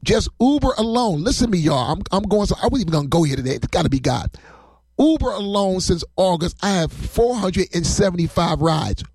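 A man's voice: sits high, animated, brisk, a little mellow, breathy edge, dry recording. A man preaching on a livestream as a pastor, rambling and emotional, often breaking into laughter.

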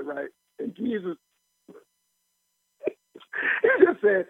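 Male radio pastor, a bit high and raspy, animated folksy delivery, dry tinny phone sound. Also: a little slow, pauses often, no room sound. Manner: animated, laughing, folksy preaching. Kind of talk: preaching radio sermon.

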